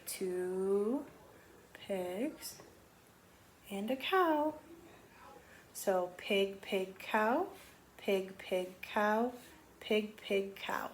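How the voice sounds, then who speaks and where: A woman teacher giving a remote lesson to young children, counting slowly in a gentle, sing-song, encouraging way. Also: mid-range voice, a little hiss or hum.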